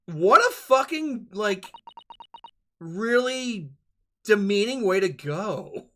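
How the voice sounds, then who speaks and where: A man's voice: sits high, animated, slow pace, pushed and bright, a little hiss or hum. A man giving casual, rambling let's-play commentary, giggling and swearing as he reacts. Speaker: game streamer.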